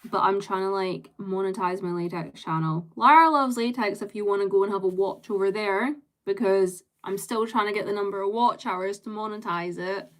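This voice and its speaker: A woman's voice: medium pitch, normal speed, few pauses. A young adult woman live streaming, chatting casually with viewers in a rambling way, full of fillers and light laughter.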